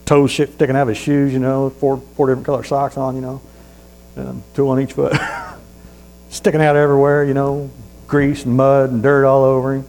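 Male preacher, mid-pitched, folksy storyteller, reads scripture, peppers his talk with amens. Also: completely flat delivery, darkish tone, slight background noise, rough recording. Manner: reads scripture aloud slowly. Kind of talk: sermon.

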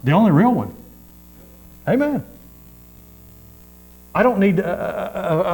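A man's voice: sits high, expressive, slow pace, long pauses, darkish tone, husky, rough recording. A man preaching a sermon in a folksy, repetitive way, with frequent amens.

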